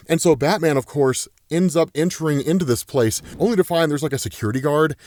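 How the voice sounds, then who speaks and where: A man's voice: on the high side, brisk, hardly any pauses, a little mellow, dry recording. A man casually recapping a comic story, chatty and often tagging lines with "right?". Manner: chatty, keeps asking "right?", laughs often. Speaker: comics explainer host.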